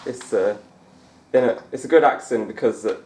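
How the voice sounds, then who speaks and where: A man's voice: medium pitch, moderate pace, a little mellow, roomy sound. A young man chatting casually over a snooker game as a gaming YouTuber, rambling and laughing often. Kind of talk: let's-play commentary.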